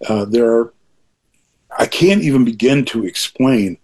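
Older man, interview guest; husky, middle-pitched voice, earnest and rambling. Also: animated, unhurried, a little mellow. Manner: earnest, rambling with frequent restarts and asides. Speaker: author guest being interviewed. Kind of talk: reflective interview talk.

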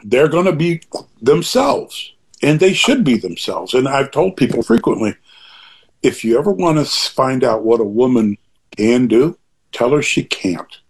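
Older man, husky, animated pitch, earnest rambling talk, reflective chat guest. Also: a little slow. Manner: rambling, earnest, with frequent restarts. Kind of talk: reflective conversation.

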